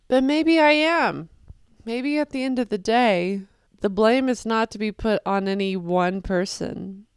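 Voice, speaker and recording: Expressive woman host reacting to a show. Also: mid-range voice, clean tone, no echo, studio quality. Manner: expressive and swearing, rambling. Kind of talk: casual emotional reaction commentary.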